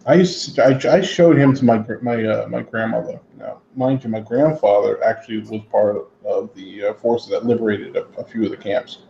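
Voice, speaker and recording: A man hosting a modeling hangout, rambling through animated stories and acting out the people he quotes. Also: fairly low pitch, moderate pace, vocal fry, hardly any pauses, reverberant, highs cut off, a little hiss or hum. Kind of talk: casual storytelling chat. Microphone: headset.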